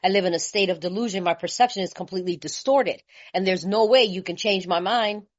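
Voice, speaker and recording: A woman from California speaking at a recovery meeting, telling her story in a lively, colloquial way and laughing often. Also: medium pitch, brisk. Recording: slightly muffled lo-fi recording.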